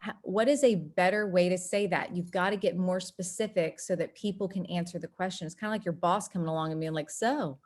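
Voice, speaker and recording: A woman from North Texas, presenting an online workshop and acting out quotes in lively voices. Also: fast talker. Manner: animated, acts out quoted voices with big pitch jumps.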